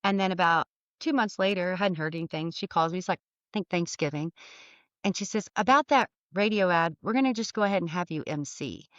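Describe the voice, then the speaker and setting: A woman's voice: fairly low pitch, brisk, dry recording, muffled recording. A woman guest telling a story in casual talk, acting out the lines of the people in it and laughing often. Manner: animated, acts out dialogue with laughs. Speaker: podcast guest.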